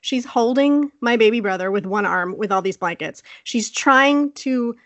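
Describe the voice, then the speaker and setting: A woman telling a personal story on a casual podcast, lively, laughing often and acting out the people she quotes. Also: a little high, normal speed, dry recording, muffled recording. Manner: animated, laughs often, acts out quoted voices. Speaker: podcast co-host.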